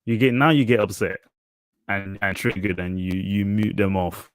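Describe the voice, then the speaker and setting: A man commenting on a clip he is playing, relaxed and amused. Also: fairly low pitch, normal speed, no room sound. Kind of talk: reaction commentary.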